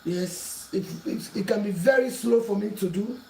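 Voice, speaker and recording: A woman's voice: medium pitch, normal speed, gravelly, heavy background noise. A woman hosting a home cooking tutorial in her kitchen, repeating earnest pleas and warnings as she works. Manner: earnest, repetitive pleading warnings. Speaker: cooking channel host. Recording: echoey kitchen, mic at a distance, clattering pots.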